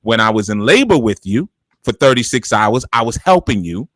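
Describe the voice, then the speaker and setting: A man's voice: medium pitch, very animated, moderate pace, fairly bright tone, dry recording. Man doing a sweet-talking scheming mother. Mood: coaxing. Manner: coaxing, calls everyone baby.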